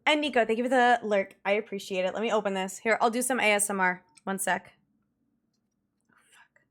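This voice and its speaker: Chatting with her livestream viewers, a young woman rambles through a story, giggling and using lots of fillers. She talks quickly, her medium-pitched voice slightly bright.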